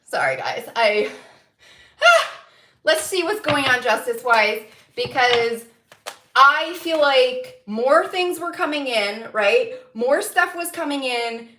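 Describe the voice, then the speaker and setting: A high-pitched woman with a bright, sharp tone, doing a livestreamed tarot reading. She vents angrily, swearing freely and breaking into laughter, at an unhurried pace. Her voice rings in an echoey room. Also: expressive, slight background noise. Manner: angry, profane venting broken by laughter. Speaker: tarot reader.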